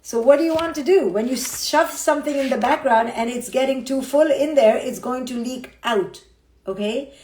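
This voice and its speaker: A woman's voice: high-pitched, normal speed, darkish tone. A middle-aged woman psychologist giving a frank motivational talk on a live stream, blunt and emphatic, often checking in with her listeners. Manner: emphatic and blunt, keeps checking in with "okay?" and "right?". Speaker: psychologist and speaker. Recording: roomy echo.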